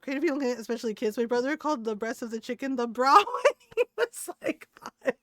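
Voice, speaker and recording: A fairly high-voiced woman streamer rambles through casual chat, stacking filler words and laughing often. She sits close to a desk mic in a dry, dead room, with faint game music underneath. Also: sing-song, fairly quick, no room sound.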